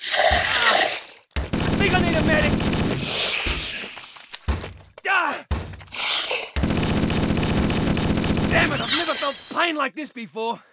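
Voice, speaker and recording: A man's voice: very high voice, unhurried, very noisy. A man playing a brash, cocky Australian soldier in a video game, taunting enemies and barking battle calls with an Australian accent. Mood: pained. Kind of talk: game character voice lines. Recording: game audio under loud gunfire.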